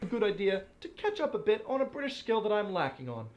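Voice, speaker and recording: A man's voice: high-pitched, big pitch swings, fast, highs cut off, faint music behind. A young American man living abroad, giving playful, exaggerated complaints in a comedic vlog. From United States.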